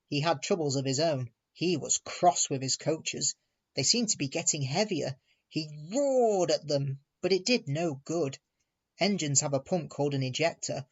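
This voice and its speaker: A man reading a children's storybook aloud, measured and clear. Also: fairly high pitch, no echo, highs cut off.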